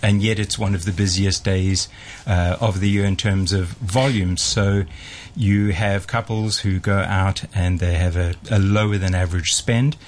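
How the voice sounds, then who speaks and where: A man, a restaurateur, chatting on a radio show in a measured, explanatory way. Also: deep voice, steady tone, a little hiss or hum. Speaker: restaurateur guest. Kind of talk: casual radio chat.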